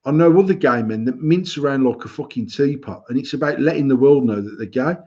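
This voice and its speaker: Blunt, sweary British man, husky voice. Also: mid-range voice, brisk, dark tone, dull audio. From United Kingdom. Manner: blunt, opinionated, sweary, with many restarts. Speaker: podcast co-host. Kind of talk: casual banter podcast.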